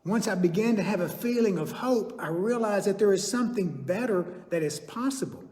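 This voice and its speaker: Older man, lay speaker at a church service, folksy and earnest, fairly high voice, roomy sanctuary echo. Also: lively intonation, brisk, darkish tone. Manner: folksy, earnest, personal storytelling. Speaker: chiropractor giving a church message. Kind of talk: sermon. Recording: echoey sanctuary with long reverb.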